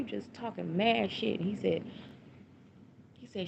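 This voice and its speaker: Gravelly-voiced woman recounting a loss. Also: on the low side, steady tone, normal speed. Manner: repetitive, blunt and emotional, with slang and restarts. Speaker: grieving mother telling her story. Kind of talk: livestream personal account. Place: home livestream. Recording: dull lo-fi stream audio with noise.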